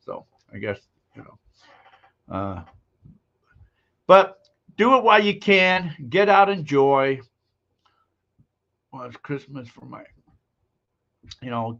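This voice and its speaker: A man's voice: a little high, gravelly, fairly bright tone. Male live-stream host, casual and jokey; muffled, lo-fi sound. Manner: rambling, joking.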